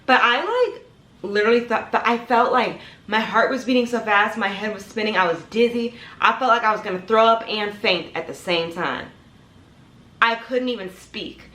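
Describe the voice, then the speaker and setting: A young woman telling a dramatic personal story to her viewers, talking to them directly and acting out the scenes. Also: a little high. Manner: animated, dramatic storytelling, addresses viewers as y'all. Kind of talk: storytime vlog. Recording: echoey room.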